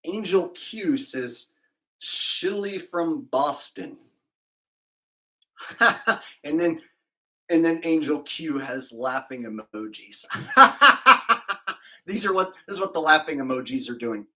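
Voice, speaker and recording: Slow-talking man joking on a livestream. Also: a little high, lively intonation, a bit bright, low-quality recording. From California. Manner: rambling, crude joking. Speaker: livestream host reading donations. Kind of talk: casual livestream banter.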